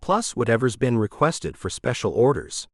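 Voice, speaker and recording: A man reading an audiobook, voicing a gruff, grumpy young man who bakes for a living. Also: mid-range voice, big pitch swings, normal speed, dry recording, studio quality. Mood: curt. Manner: curt, gruff. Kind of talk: audiobook character voice.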